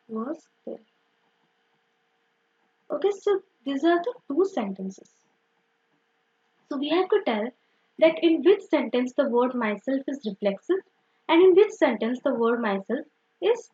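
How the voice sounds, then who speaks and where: A young woman teaches grammar in a high, very lively voice that leaps up and down. Patient and repetitive, she corrects herself and fills pauses with "okay" and "so," all on a dull, lo-fi recording.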